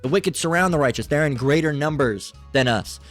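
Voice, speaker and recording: A man's voice: a little high, brisk, soft background music. A man giving an agitated, profane Bible lesson, ranting angrily and reading scripture between outbursts. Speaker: Bible teacher.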